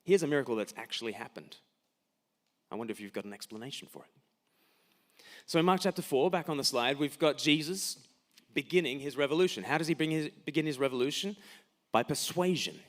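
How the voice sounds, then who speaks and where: A man's voice: a little high, lively intonation, a little fast, a bit bright. A man preaching a sermon in a church, emphatic, with rhetorical questions and repeated words at the start of his sentences.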